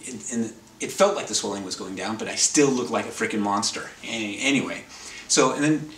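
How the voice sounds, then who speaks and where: A man's voice: on the low side, brisk, fairly bright tone. A man telling a rambling, wry anecdote in a casual way, often correcting himself as he goes. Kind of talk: casual anecdote told to camera. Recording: roomy, distant, faint background noise.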